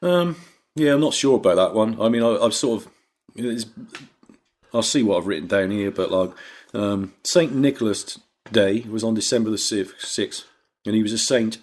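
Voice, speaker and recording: Male podcast co-host, lowish voice, rambling and sweary banter. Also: normal speed, darkish tone. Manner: rambling, sweary, laughs easily. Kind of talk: casual comedy chat.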